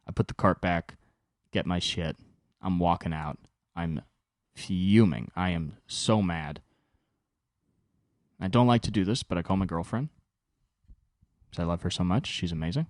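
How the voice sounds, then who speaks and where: A young man hosting a podcast, telling a long story alone in an animated, exasperated way and swearing often. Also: low-pitched, unhurried, long pauses, no room sound, studio quality. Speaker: podcast host. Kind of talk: solo storytelling monologue.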